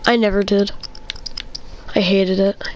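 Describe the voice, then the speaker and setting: A woman's voice: medium pitch, flat delivery, measured pace. A young woman gamer chatting during a match, full of dramatic self-mocking complaints. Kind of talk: casual chat while playing an online shooter. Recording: noisy background ambience.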